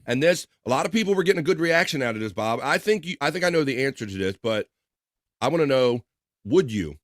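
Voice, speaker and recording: A man's voice: mid-range voice, expressive, fast, no echo, studio quality. A man hosting a casual live stream, rambling, laughing often and restarting his sentences. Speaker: livestream host.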